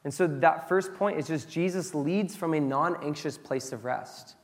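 A man preaching a sermon in a casual, conversational way, moving between loud excited asides and soft, low reflection. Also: moderate pace, in a large hall. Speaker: pastor.

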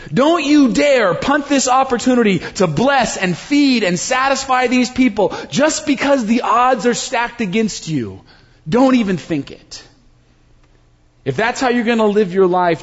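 A man preaching a sermon to his congregation, swinging between loud emphasis and near-whispers. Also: high voice. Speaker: pastor. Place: church sanctuary. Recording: muffled sound in a large reverberant hall.

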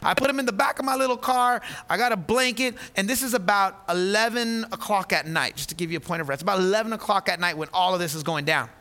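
A man in his thirties, a pastor preaching a sermon and telling a story with lively, animated delivery, often repeating words as he restarts. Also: high-pitched, fast talker, hardly any pauses.

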